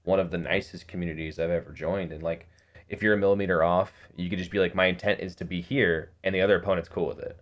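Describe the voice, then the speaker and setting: A man's voice: low voice, flat delivery, fast. A man guest on a gaming podcast, chatting casually and earnestly about playing in a tournament, a little self-deprecating. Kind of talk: casual roundtable chat.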